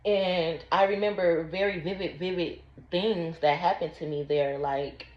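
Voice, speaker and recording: A woman telling a personal story slowly and deliberately to her vlog audience. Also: fairly low pitch, steady tone. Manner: slow, deliberate recounting. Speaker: vlogger. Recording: roomy, dull lo-fi sound.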